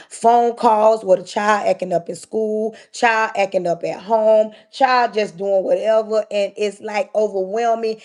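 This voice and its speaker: A woman's voice: a little high, darkish tone. A woman hosting a livestream, giving an emphatic, preachy motivational talk and calling out straight to her listeners. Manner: emphatic, repetitive, calls out to listeners directly. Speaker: livestream host.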